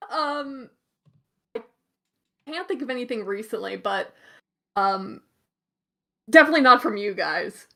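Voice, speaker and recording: A woman's voice: a little high, very animated, slow pace, creaky, pauses often, pushed and bright. A young woman co-hosting a podcast in casual chat on her computer mic, laughing a lot as she tells stories. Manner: giggly, laughs often. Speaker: podcast co-host.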